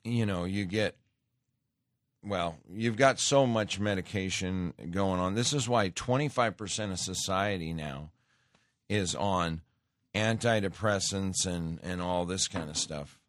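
A man's voice: sits low, measured pace, dry recording. A man hosting a talk show from a studio, speaking in a rambling, conversational monologue full of restarts and asides. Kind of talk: casual radio monologue. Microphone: studio microphone.

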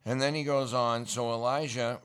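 A man's voice: mid-range voice, steady tone, normal speed, a bit bright, clean tone. A middle-aged man preaching a casual sermon, telling scripture stories in folksy slang and building to emphatic bursts.

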